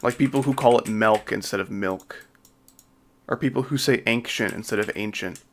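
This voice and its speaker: A man's voice: mid-range voice, moderate pace, slight background noise. A man with a slight Southern accent, chatting casually and jokingly with his livestream chat while he builds a game level. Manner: laid-back, joking, reads and answers chat. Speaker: game streamer.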